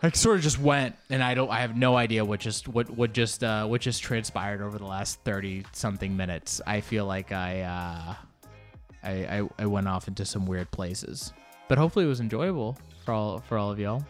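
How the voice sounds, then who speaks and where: A man's voice: lowish voice, normal speed, faint music behind. Rambling, profane man hosting a podcast. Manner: rambling, profane, self-mocking. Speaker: podcast host and comedian. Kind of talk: casual solo podcast monologue.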